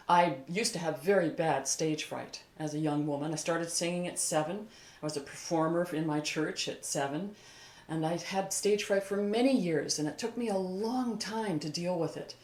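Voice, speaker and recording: An older woman, a vocal coach, giving a calm, encouraging singing lesson on video and talking through an exercise as she moves. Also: sits low. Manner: calm, encouraging, demonstrates while moving. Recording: echoey room.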